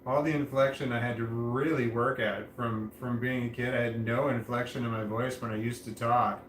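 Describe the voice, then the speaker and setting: A man vlogging casually to camera, speaking in a flat, droning monotone with a slight lisp on his S sounds and frequent restarts. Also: mid-range voice, normal speed, reverberant, a little hiss or hum, rough recording.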